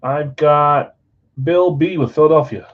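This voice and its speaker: A man's voice: on the high side, unhurried. Casual male card-break host, easygoing, reading a list, slightly muffled stream audio. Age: adult, married. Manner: chatty, rattling off names and teams. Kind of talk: casual live-stream chat. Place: basement card room.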